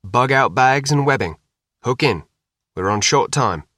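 A man's voice: medium pitch, lively intonation, a little slow, bright, forceful tone, dry recording, clean studio sound. A man reading a clipped ex-soldier dad. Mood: clipped orders. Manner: clipped, matter-of-fact orders. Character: middle-aged father, ex-soldier, calm and commanding.

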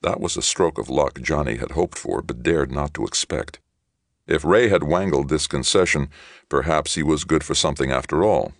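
A man reading a novel aloud as an audiobook narrator, in a steady, measured manner. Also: rumbling low, no room sound, clean studio sound. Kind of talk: scripted narration of a science fiction novel.

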